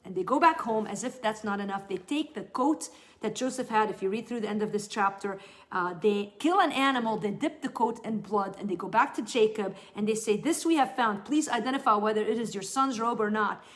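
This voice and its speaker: A woman giving a lively, conversational Bible teaching, reading scripture aloud and breaking in with casual asides. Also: a little high, brisk.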